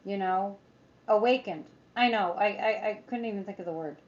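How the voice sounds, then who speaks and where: A woman's voice: mid-range voice, normal speed, highs cut off. A woman psychic chatting casually on a livestream, rambling, reading viewer comments aloud and making sarcastic asides. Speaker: psychic tarot reader.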